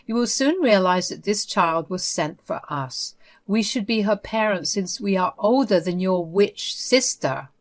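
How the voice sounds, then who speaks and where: A woman's voice: mid-range voice, animated, unhurried. A woman voicing an unhinged, possessive woman. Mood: possessive, defiant. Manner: sweet-voiced, insistent, coldly defiant. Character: obsessive, unhinged woman claiming a baby.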